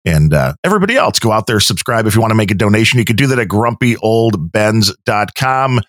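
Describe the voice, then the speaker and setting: Talking fast in a sing-song, fairly bright voice on the low side, the podcast's co-host and editor drifts through casual conversation and keeps breaking off. It's a dry, studio-quality recording.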